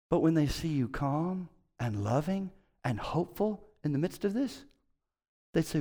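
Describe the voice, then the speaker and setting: A middle-aged man preaching a sermon as pastor, conversational and emphatic, swinging between loud and quiet. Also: a little high, animated, measured pace.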